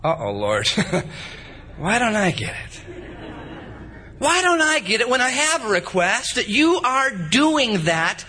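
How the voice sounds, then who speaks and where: A man in his thirties preaching a sermon in an animated, repetitive style, acting out little stories from home. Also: high-pitched, takes it slowly, pauses often. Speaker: pastor.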